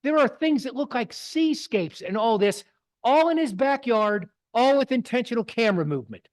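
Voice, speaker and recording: A man's voice: very high voice, animated, normal speed. A middle-aged man, presenting to a photography club in a folksy, digressing storytelling way. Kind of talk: casual talk with slides. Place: club meeting room.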